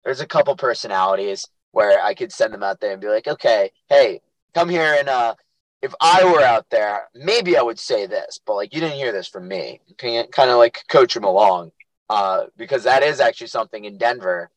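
Young male co-host, lively anecdote teller, dry close sound. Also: mid-range voice, moderate pace, no room sound, poor audio. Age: young adult. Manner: animated storyteller, acts out quotes. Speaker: podcast co-host and youth lacrosse coach. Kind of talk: casual chat.

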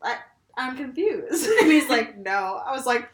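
A woman's voice: high-pitched, a little slow, reverberant. A young woman in casual chat, telling stories animatedly and laughing often. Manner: animated storyteller, laughs often, acts out quotes.

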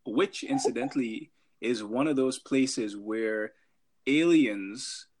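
A man's voice: medium pitch, a little slow, darkish tone. Rambling, joking male podcast host. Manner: joking, rambling, many fillers. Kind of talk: casual chat.

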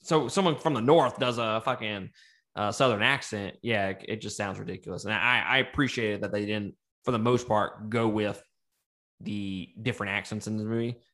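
A man co-hosting a casual movie review podcast, talking in an animated, profane way and laughing often. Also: fairly low pitch, normal speed. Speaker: podcast co-host.

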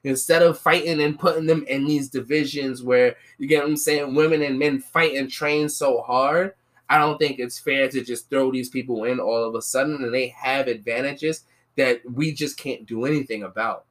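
A woman's voice: extremely low pitch, steady tone, moderate pace. Woman arguing earnestly in casual slang. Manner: argues earnestly with slang and repeated "you get what I'm saying". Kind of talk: casual chat.

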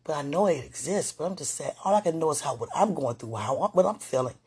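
A woman's voice: low-pitched, animated, fast talker, slightly rough. A woman talking casually and emotionally to a viewer, rambling and affectionate, often speaking of God and dropping to near-whispers. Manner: rambling and affectionate, with frequent religious talk; soft-spoken, drifting into near-whispers.

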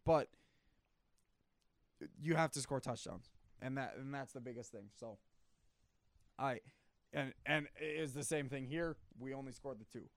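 A man in a casual sports debate who is losing his voice, animated, often clearing his throat and restarting his sentences. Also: mid-range voice, measured pace, long pauses, no echo. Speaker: sports talk co-host.

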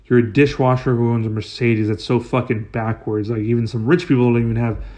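A man at a middle pitch tells a story for a podcast in loose, casual talk. He swears a lot and sounds exasperated, and his voice keeps jumping up into outbursts. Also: fairly even intonation, brisk, darkish tone. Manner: profane and exasperated, with rising outbursts. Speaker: podcast host.

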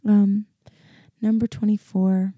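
A woman's voice: mid-range voice, little pitch movement, slow pace, mellow, no room sound. A woman in her early twenties hosting a casual solo podcast, rambling and upbeat with lots of fillers and laughter, and sounding sleepy. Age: 20s. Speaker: podcast host.

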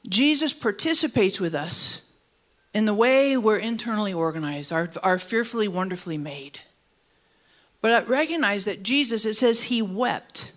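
A woman pastor preaching a sermon to a congregation that is both in the room and online. She talks in an animated way, leaping up high for emphasis and then dropping low and slow, and she asks the listeners to fill in words. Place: church service, also streamed online.

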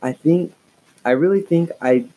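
A man's voice: on the high side, unhurried, dark tone, highs cut off, voice pushed up. A man voicing an envious preteen girl who pleads insistently to get what her sister has. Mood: pleading.

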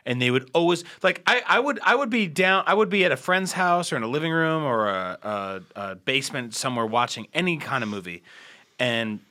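A man co-hosting a podcast in casual chat, teasing his friends in an animated way. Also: medium pitch, brisk. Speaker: podcast co-host.

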